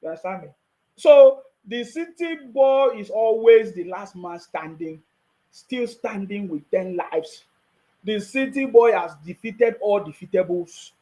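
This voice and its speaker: A man's voice: high-pitched, expressive, measured pace, mellow, low-quality recording. A Nigerian man giving casual political commentary, mocking and laughing often, repeating his words.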